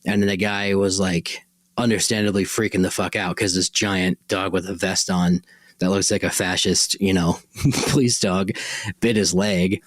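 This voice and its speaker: A man's voice: low-pitched, steady tone, moderate pace, dry recording. A man hosting a podcast, telling a personal story in a rambling, conversational way and often correcting himself. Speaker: podcast host.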